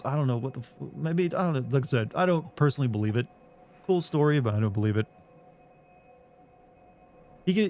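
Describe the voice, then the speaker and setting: A man's voice: mid-range voice, a little mellow. A man streaming a game who argues with his chat in a casual, sarcastic way, swearing freely and sounding incredulous.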